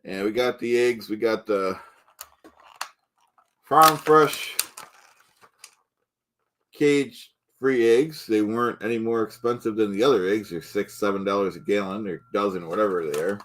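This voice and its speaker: A man's voice: fairly low pitch, unhurried, long pauses, a bit bright, a little hiss or hum. A man playing a pompous, touchy middle-aged man who cooks eggs on a live stream, rambling and insisting on his own facts. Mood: blustering. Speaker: livestream host in character. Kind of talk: improvised character comedy stream.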